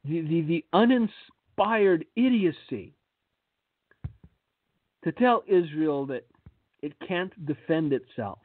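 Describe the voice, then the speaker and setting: A radio host and preacher delivers commentary in a fairly high, expressive voice, speaking slowly with long pauses. He is blunt and sarcastic and often repeats words as he begins a thought. The sound has no echo but comes through a tinny, phone-like line.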